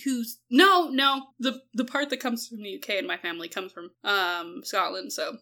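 A woman's voice: mid-range voice, normal speed, pushed and bright. A tired woman co-hosting a casual history podcast, laughing often, swearing and acting out quotes. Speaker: podcast co-host.

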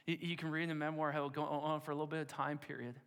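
A man preaching, telling a story dramatically with repeated words and hushed asides. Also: on the high side, flat delivery, racing, clear, resonant tone. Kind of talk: sermon storytelling. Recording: long hall reverb.

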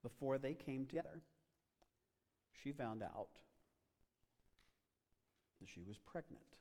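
A man's voice: medium pitch, expressive, takes it slowly. Man preaching in an echoing hall. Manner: dramatic, rising to loud emphatic passages. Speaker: pastor. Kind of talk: sermon. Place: church auditorium. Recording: long reverb of a large hall.

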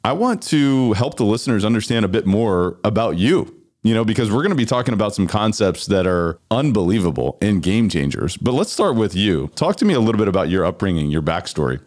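A man's voice: fairly low pitch, very animated, brisk, a little mellow. A man hosting a podcast, introducing his guest and asking questions in an enthusiastic, motivational manner. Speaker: podcast host.

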